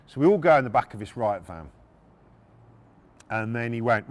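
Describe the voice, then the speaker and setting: On his podcast, a middle-aged host with an animated mid-range voice recounts a true story at a moderate pace, pausing often. He's blunt and casual, curses plenty, and keeps starting his sentences over, all with a long reverb tail.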